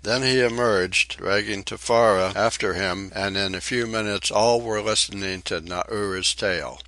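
A man reading a short story aloud in a measured, even storytelling way. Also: lowish voice, no echo. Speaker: audiobook reader. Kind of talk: audiobook narration.

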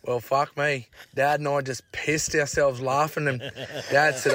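An Australian man calling in a laid-back, quick-paced yarn about his childhood. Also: medium pitch, flat delivery, a bit bright. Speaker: caller. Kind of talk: casual storytelling on a voice message.

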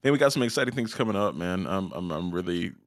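A man's voice: sits low, lively intonation, fast, slight background noise. A man co-hosting an anime podcast, rambling casually with fillers and restarts. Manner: rambling, many fillers and restarts, laughs often. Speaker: podcast co-host. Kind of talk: casual chat.

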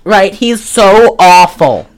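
A woman's voice: mid-range voice, slow pace, poor audio. A woman hosting a podcast, chatting casually and jokily about a movie, with some swearing. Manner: animated, jokey, swearing, breaks into laughs. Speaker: podcast host. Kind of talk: casual movie-review chat.

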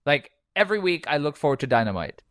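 A man co-hosting a podcast rants about what he dislikes and swears freely along the way. His voice sits slightly high, and the recording is dry and close, with little room sound. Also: sing-song, fast, fairly bright tone, no echo. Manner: ranting, swears often, mimics people in quotes. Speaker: podcast co-host. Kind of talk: casual chat.

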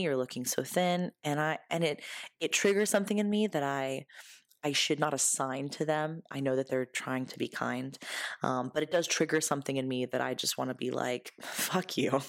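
A woman's voice: rumbling low, steady tone, a little fast, vocal fry, dry recording, studio quality. A woman hosting her own podcast in a casual solo monologue, candid and blunt, swearing freely and laughing often, earnest when giving advice. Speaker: podcast host.

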